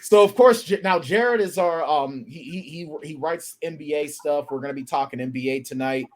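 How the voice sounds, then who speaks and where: A man hosting a live sports talk show with an energetic, hyped delivery. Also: fairly high pitch, moderate pace. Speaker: host.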